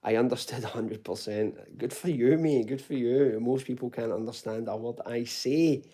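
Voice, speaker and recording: Dark-voiced Glaswegian man chatting casually. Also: medium pitch, normal speed, husky. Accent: Glaswegian Scottish, toned down. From Glasgow, Scotland. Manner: chatty and informal, calls viewers mate and buddy, swears. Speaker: fitness channel host answering live chat. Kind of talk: casual live Q&A chat.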